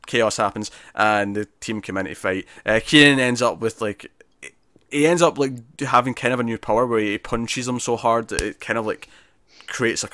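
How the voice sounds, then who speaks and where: A man co-hosting a podcast that reviews comics chats casually, recapping at length in a rambling way full of "like," "uh" and frequent restarts. His ordinary middle-pitched voice is bright and forceful, recorded close and dry with no room sound or echo.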